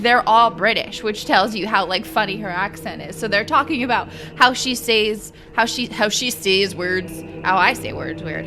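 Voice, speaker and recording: A woman gaming streamer chatting in a rambling, talkative way during a let's play. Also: mid-range voice. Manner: chatty, rambling, laughing asides.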